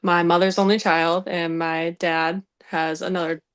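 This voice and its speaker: Woman telling a lively story. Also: fairly low pitch, measured pace, clean tone. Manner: lively, laughing, acts out dialogue. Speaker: podcast team member. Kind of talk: casual storytelling.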